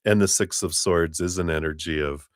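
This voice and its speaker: A man reading tarot cards on a live stream, talking in a relaxed, meandering way with many fillers and now and then raising his voice to act out spirit voices. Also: normal speed, no echo, studio quality. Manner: acts out spirit voices in a raised pitch, laughs often. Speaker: tarot reader.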